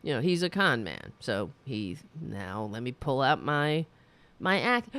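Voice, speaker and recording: Ranting woman with a lively voice. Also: very deep voice, a little slow, no echo. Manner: rambling, indignant ranting. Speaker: podcast host. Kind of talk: solo political commentary.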